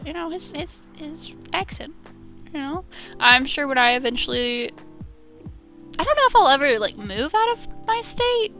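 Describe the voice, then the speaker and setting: Young Southern woman streamer, chatty and laughing, quite high voice. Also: pushed and bright. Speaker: let's play streamer. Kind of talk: casual game commentary.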